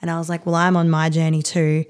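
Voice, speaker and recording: A woman in her thirties, a podcast guest talking candidly in a rapid, rambling, heartfelt way with many fillers. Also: low-pitched, monotone, a little mellow. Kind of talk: candid conversational interview.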